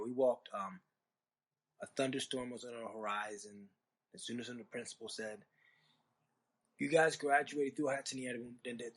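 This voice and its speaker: A man hosting a storytelling podcast, talking in a rambling, conversational way with sarcastic asides. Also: medium pitch. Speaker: podcast host. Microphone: podcast microphone.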